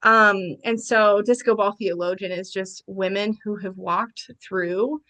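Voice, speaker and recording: Animated woman telling her story. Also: medium pitch, a little slow. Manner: animated, quoting friends in lively bursts. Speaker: podcast guest. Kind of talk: personal storytelling in a podcast interview.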